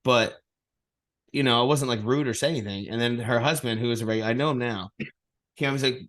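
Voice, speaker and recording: A man's voice: medium pitch, quick pace. Male podcast co-host, casual and profane, laughing storyteller, home mic on a call. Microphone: remote call mic.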